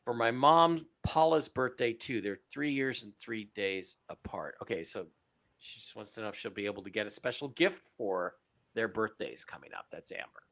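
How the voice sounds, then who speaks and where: Male co-host for a live stream, lively pitch, bright voice, reads out viewer questions. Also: moderate pace. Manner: reads donor messages aloud, animated.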